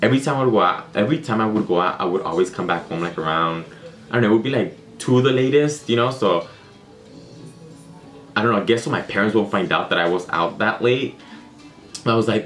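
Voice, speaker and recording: Young guy vlogging a storytime, kinda low voice, rambly with tons of fillers. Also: brisk, fairly bright tone, soft background music. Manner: rambling, lots of filler words. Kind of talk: casual storytime.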